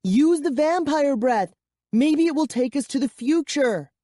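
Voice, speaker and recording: A man voicing a frightened, demanding young girl in an audiobook, with urgent high cries. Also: lively intonation, moderate pace, dark tone, dry recording, clean studio sound. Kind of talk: audiobook character voice.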